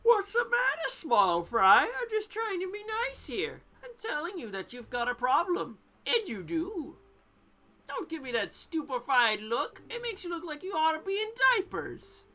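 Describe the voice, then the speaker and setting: A brash talking fish who heckles and bosses everyone around, pitched high and pushed loud, his bright sharp voice jumping up and down, as a woman puts him on. He sounds like a condescending game character with faint music playing under him. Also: wildly swooping pitch, unhurried, heavily acted. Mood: bossy. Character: brash pushy male talking fish, gruff.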